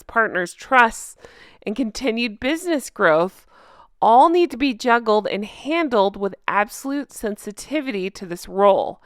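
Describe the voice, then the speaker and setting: A woman's voice: mid-range voice, a bit bright, clear, resonant tone, no room sound, studio quality. A woman hosting a reaction video, reading comments aloud and mocking them with frequent laughter and questions to her viewers. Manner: mocking and sarcastic, often laughing; asks viewers direct questions. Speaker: channel host reacting to online comments.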